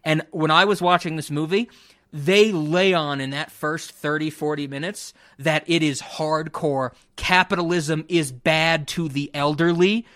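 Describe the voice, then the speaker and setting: A young man hosting a casual podcast, giving a blunt, profane, animated review of a film. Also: fairly high pitch, measured pace, no echo, clean studio sound. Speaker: podcast host. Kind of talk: casual chat.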